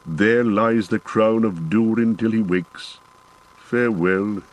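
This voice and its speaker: A man voicing a proud, sorrowful dwarf warrior in an audiobook, speaking slower and heavier than his narration. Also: lowish voice, poor audio. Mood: reverent. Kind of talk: audiobook character voice.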